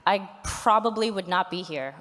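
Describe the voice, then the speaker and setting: A woman's voice: mid-range voice, normal speed, a bit bright. A woman voice actor chatting casually on a convention panel. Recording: echoey hall with crowd murmur.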